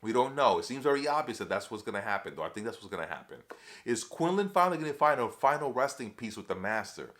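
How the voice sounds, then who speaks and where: Excitable chatty male TV reviewer. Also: mid-range voice, fast talker. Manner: excitable, chatty, addresses viewers as y'all. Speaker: TV episode reviewer. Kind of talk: casual recap chat.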